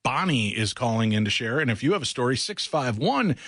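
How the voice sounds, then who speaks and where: A male radio host talking in a studio with a lively, bouncing delivery. His voice is dry and close to the mic, chatty and playful as he fills the air between callers. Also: mid-range voice, fairly quick, husky, no room sound. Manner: lively, chatty, jokey promos. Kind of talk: late-night radio talk show.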